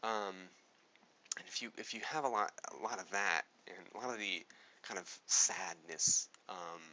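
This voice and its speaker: A man's voice: low-pitched, moderate pace, sharp tone, a little hiss or hum. A man explaining a speaking technique in a casual, rambling way, often restarting his sentences. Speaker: presenter explaining speech moods. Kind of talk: casual spoken lesson. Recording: dull lo-fi recording.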